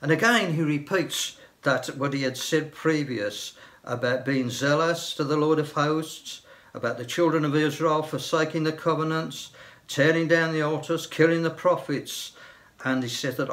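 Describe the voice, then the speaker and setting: An older man, a church elder, preaching a sermon in a slow, gentle way and dropping to a hush on key phrases. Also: fairly high pitch.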